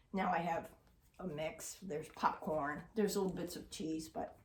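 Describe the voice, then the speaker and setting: Slow-speaking woman dog trainer, echoey room. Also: lowish voice, a little mellow. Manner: patient, explanatory, affectionate with the dog. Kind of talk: training demonstration with commentary. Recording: roomy sound from a distant mic.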